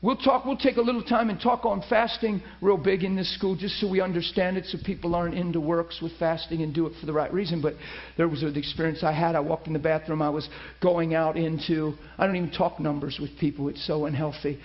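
A man with a high voice preaching and sharing testimony, animated and emphatic, dropping from loud bursts to hushed asides. The recording is dull and lo-fi. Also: a little fast. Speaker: preacher teaching a class. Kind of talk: personal testimony in a sermon.

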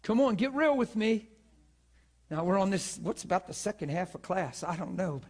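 A man in his forties preaching with fervor, his voice sitting very high for a man. He throws out rhetorical question after question and acts out quoted pleas. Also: lively intonation, moderate pace. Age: 40s. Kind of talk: sermon.

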